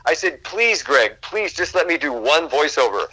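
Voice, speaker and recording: A man, a guest actor, telling animated stories from film sets in a casual interview and acting out quotes, swearing freely. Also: a little high, moderate pace, hardly any pauses, no echo, poor audio.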